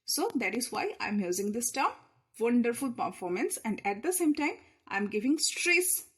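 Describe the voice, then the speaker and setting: A woman teaching an English grammar lesson, explaining each point slowly and patiently with repeated examples. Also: on the high side, sing-song, a bit bright, husky. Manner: leans hard on key words when showing emphasis.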